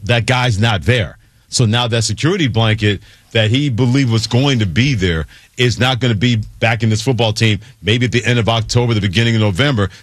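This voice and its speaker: A man co-hosting a sports radio show, his delivery quick and emphatic. His voice sits on the low side. The sound is dry and close, with no room around it. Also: dry recording. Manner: emphatic, rapid-fire opinions.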